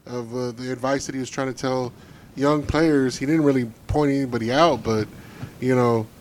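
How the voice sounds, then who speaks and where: A man's voice: mid-range voice, steady tone, moderate pace, a little mellow, slight background noise. A man co-hosting a casual football podcast, ranting bluntly and swearing freely about his team. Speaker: podcast co-host.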